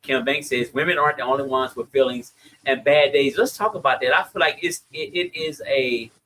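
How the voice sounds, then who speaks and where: A man with a Southern US accent hosting a podcast, chatting casually and reading listener comments with lively, slangy delivery. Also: medium pitch, brisk, low-quality recording. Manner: animated, laughing, Southern slang. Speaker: podcast host.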